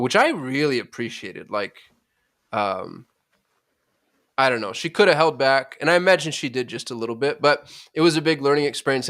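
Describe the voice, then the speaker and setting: A man's voice: mid-range voice, fairly bright tone. An American man co-hosting a podcast, bantering and joking. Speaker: podcast co-host. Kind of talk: casual podcast chat.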